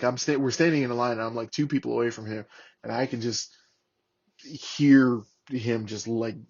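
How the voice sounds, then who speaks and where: A man in his thirties, a former Marine, telling war stories casually on a podcast, swearing freely and acting out the people he quotes. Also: medium pitch. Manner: profane, animated, acts out shouted quotes. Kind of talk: casual storytelling. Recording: lo-fi podcast audio.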